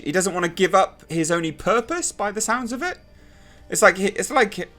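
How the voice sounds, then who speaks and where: A young man talks through a TV episode in a loose, exasperated review. His voice swings widely in pitch and sounds bright and forceful. Faint background music plays under him. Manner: sarcastic, exasperated, mocking impressions. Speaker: TV show reviewer. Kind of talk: casual spoken review.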